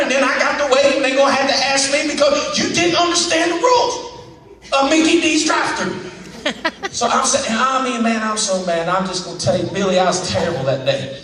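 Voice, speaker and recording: A man preaching a sermon as pastor, telling a self-deprecating story in a folksy way and shouting his exhortations. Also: extremely high pitch. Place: church sanctuary. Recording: echoey sanctuary, voice from a distance, music behind.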